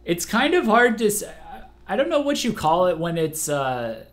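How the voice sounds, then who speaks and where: A man's voice: sits high, sing-song. A young man hosting a music listening livestream, sleep-deprived and chatting casually, stumbling through fillers and restarts. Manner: halting, full of fillers and restarts. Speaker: livestream host.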